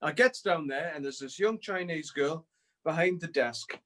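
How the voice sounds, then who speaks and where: This is a middle-aged man with a rather high voice for a man. He tells stories in a lively, chatty way and swears freely as an interview guest. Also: normal speed. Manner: animated, profane, swears freely. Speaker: band member guest. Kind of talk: casual storytelling.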